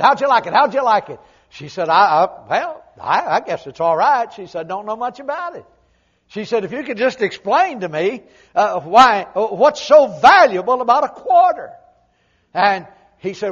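Older preacher with a folksy humorous sermon. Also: male voice, highs cut off. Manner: folksy storytelling, swings from loud emphasis to low asides.

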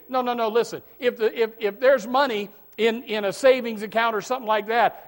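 High-voiced preacher man, loud and soft by turns. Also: fairly quick, few pauses. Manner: preachy, repeats words, swings from loud shouts to hushed asides. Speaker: pastor. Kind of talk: sermon.

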